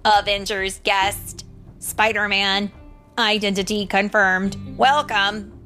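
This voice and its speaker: A woman's voice: medium pitch, fairly even intonation, slow pace, sharp tone, faint music behind. Woman mimicking a security computer voice. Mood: welcoming. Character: automated security computer, announcing.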